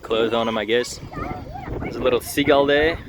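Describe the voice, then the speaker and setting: A man, filming a relaxed travel vlog outdoors on a beach with a handheld phone, chatting and swearing mildly. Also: mid-range voice, normal speed. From Uzbekistan. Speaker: vlogger touring with his father. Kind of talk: casual travel vlog narration. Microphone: handheld phone camera. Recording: noisy outdoor phone recording.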